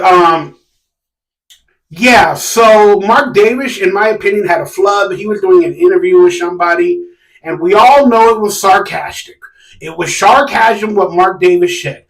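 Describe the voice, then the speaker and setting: A man's voice: high voice, recorded from a distance. A man hosting a sports fan live stream, ranting casually and animatedly with sarcastic, exasperated outbursts. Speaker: sports fan channel host. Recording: echoey room, a bit off mic.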